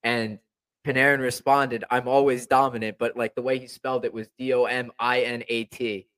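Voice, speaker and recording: Young guy rambling about hockey players, mid pitch, lots of likes. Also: flat delivery, moderate pace, fairly bright tone. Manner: rambling, many fillers and restarts. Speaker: hockey fan co-host. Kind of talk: casual chat.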